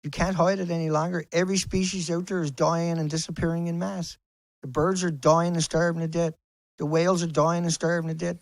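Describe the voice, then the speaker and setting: A man's voice: on the high side, little pitch movement, fairly quick, creaky, no room sound. Man in a swearing, impassioned rant. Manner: angry, swearing, repetitive and emphatic. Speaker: environmental activist vlogger. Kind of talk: impassioned profane rant to camera. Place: outdoors on a beach.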